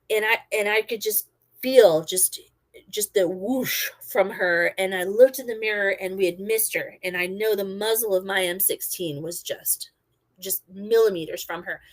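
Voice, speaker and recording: A middle-aged woman and former army medic, casually telling a story and acting out her own quotes loudly. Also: medium pitch.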